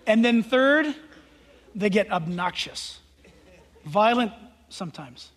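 A male pastor preaching a sermon, emphatic and swinging between loud declarations and hushed asides. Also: high-pitched, animated, slow pace, long pauses, a faint crowd, a little hiss or hum. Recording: long hall reverb.

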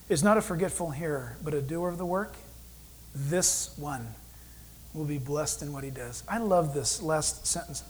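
A man preaching a sermon as pastor, animated, acting out God's voice in quoted asides. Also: on the high side, low-quality recording.

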